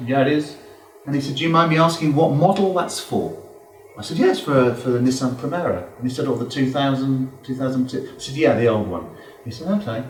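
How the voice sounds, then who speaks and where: A man giving a lively, joking business talk to a live audience and acting out customer exchanges. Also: fairly high pitch. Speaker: business speaker. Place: hall with a small audience. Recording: echoey room, from far off.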